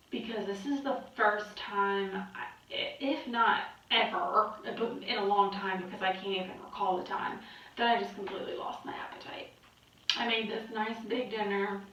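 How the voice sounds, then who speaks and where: In this personal vlog, a young woman speaks at medium pitch with a somewhat bright tone, worn out and exhausted as she rambles and curses openly. The audio comes across muffled, distant and heavily echoey.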